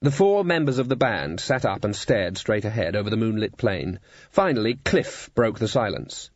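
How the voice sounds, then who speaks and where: A man reading a comic fantasy novel aloud in scripted narration, dry and even. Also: lowish voice, moderate pace, no echo, dull audio. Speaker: audiobook narrator.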